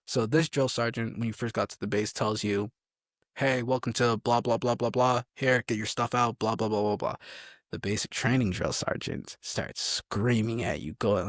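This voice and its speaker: A man's voice: medium pitch, normal speed, creaky, no echo. Young guy rambling thru army stories, dry close sound, keeps getting sidetracked. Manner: rambling, gets sidetracked, acts out drill sergeants. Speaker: guest, army soldier. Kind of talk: casual storytelling interview.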